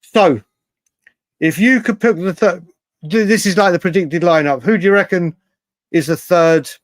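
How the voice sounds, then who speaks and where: Guy hosting a live fan chat, bit high voice, dry close mic, keeps repeating himself. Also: normal speed, dry recording. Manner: animated, swears, repeats himself often. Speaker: host of a live fan show. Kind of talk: live-stream chat reading viewer comments.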